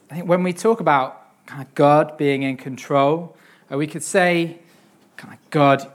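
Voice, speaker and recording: A young man giving a sermon on a psalm, reading scripture earnestly and then talking it through with many pauses, fillers and repeated words. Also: on the high side. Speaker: preacher.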